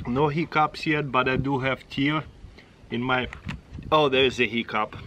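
Middle-aged Russian-accented vlog host, mid-range voice, talks in quick exclamations over a faint hum. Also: male voice, medium pitch, expressive, highs cut off. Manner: chatty, exclaiming, short broken phrases. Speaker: channel host. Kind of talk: casual taste-test vlog.

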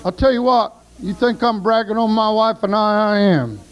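A man preaching a sermon, telling folksy stories and shouting praise. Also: high-pitched, flat delivery, normal speed, low-quality recording.

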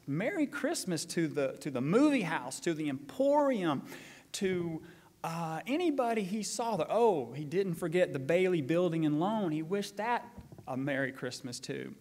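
A man, the pastor, reading scripture, praying and retelling a story with lively acted-out quotes. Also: sits high. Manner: animated storytelling, acting out quotes. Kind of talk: sermon with scripture reading and prayer. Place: church sanctuary. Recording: long church hall reverb.

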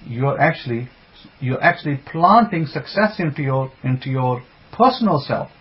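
A man's voice: medium pitch, normal speed. Man, Bible teacher, emphatic sermon, rhetorical questions, muffled lo-fi recording. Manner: greets online listeners by name mid-talk. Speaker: religious teacher. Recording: dull lo-fi sound.

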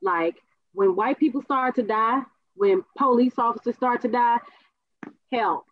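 A woman co-hosting a casual talk show, telling stories with animated asides and voice impressions. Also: on the high side, a little slow. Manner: animated storyteller, mimics voices. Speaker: co-host. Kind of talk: casual chat. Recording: tinny phone-like sound.

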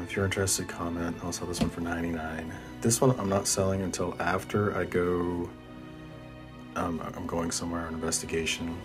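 A man with a deep, low voice talks casually and rambles, stopping and restarting his sentences. His excited vlog chat sits on top of loud music. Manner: casual and rambling, often hesitant; excited, laughs often. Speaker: paranormal investigator and spirit box maker. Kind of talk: casual vlog with a spirit box session. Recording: music playing loud in the background.

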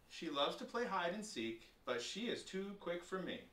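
A man reading a children's picture book aloud in a lively, expressive way. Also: high voice, normal speed, reverberant, distant mic. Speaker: storybook reader.

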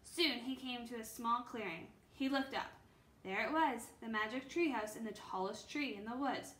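A woman reading a children's book aloud in a gentle storytelling manner, with a few small slips. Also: on the high side, normal speed. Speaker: reader. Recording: echoey room, faint noise.

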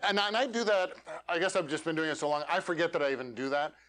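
A man leads a live workshop for a meetup room, coaching in a direct, plain-spoken way. His voice sits somewhat high. He keeps ending his points with questions to the audience. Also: expressive, fast, a bit bright. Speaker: featured speaker.

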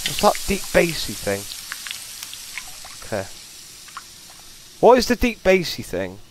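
A gaming host talks through a scary game, his voice swinging widely from low mutters to high yelps. His delivery is slow and drawn out, breaking into swearing when startled. Faint noise sits behind the recording. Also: huge pitch swings. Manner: jittery, swearing, frightened outbursts and mutters. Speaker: gaming YouTuber. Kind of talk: horror game let's play commentary.

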